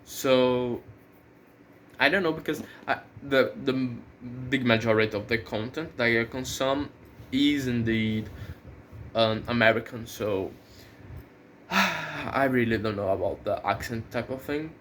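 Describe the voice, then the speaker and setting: A man who is not a native English speaker talks unhurriedly to his own channel in a casual vlog. He pauses often and restarts his sentences as he thinks aloud. Faint background noise sits under the recording. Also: medium pitch, a bit bright. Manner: hesitant, many fillers and restarts, thinking aloud. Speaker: channel host.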